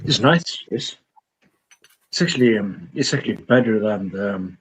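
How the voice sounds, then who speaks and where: A man's voice: lowish voice, expressive, normal speed, a little hiss or hum, low-quality recording. A man chatting as a guest on a video call, hesitant and full of ums. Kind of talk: casual chat.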